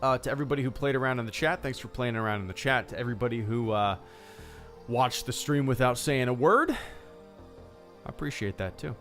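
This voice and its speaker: A man's voice: mid-range voice, a little fast, a bit bright, faint music behind. Laid-back rambling male streamer. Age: adult, a father. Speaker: live stream host. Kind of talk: casual live stream chat.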